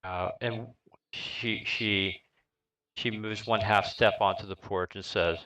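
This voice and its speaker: A middle-aged man narrating a live-streamed tabletop game as dungeon master, describing scenes in a halting way with lots of fillers. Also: on the low side, fairly even intonation, bright, forceful tone, low-quality recording.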